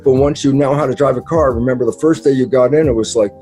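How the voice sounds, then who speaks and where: Lively older man with a mellow voice. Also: medium pitch, quick pace, faint music behind. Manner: lively storytelling, acts out quoted dialogue, swears casually. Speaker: guest speaker. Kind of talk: animated interview talk.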